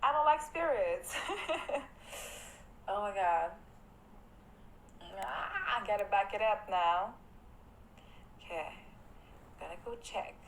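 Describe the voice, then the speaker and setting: A young woman livestreaming from her home, talking to her viewers in a jumpy, excitable way and pleading with them and her dog. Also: mid-range voice, slow, long pauses, slight background noise, poor audio. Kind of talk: casual livestream chat. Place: home at night.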